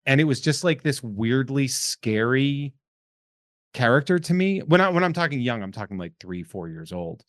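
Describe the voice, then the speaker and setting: A man's voice: medium pitch, expressive, moderate pace, a bit bright, dry recording, clean studio sound. A man hosting a podcast, chatting casually in a rambling, joking, self-deprecating way. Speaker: podcast host. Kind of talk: casual chat.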